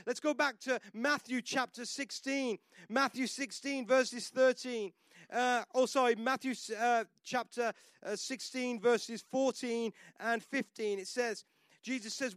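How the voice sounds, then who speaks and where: A male pastor with a notably high voice delivers a sermon that moves from personal storytelling to emphatic declarations. The sound is close and dry, with no room around it. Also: steady tone, measured pace, fairly bright tone, dry recording.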